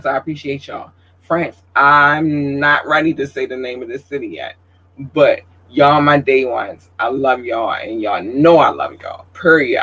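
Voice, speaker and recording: Male host, bright forceful voice, pitched a touch high, gushing and playful with listener shout-outs. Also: rough recording. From Baltimore, Maryland. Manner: effusive, animated, playful. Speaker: show host. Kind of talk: casual podcast shout-outs.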